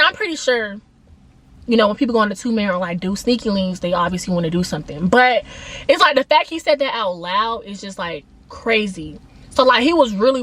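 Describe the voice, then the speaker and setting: High-voiced woman telling a story. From Atlanta, USA. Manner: animated, emphatic, slangy, addresses viewers directly. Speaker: vlogger. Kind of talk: storytime vlog, casual retelling.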